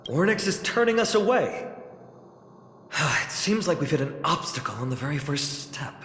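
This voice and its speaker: A man's voice: on the high side, sing-song, normal speed, slight background noise. An actor voicing a determined young male hero in a video game, who talks in a resolute, upbeat way as he leads his companions on. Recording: reverberant game audio with loud music.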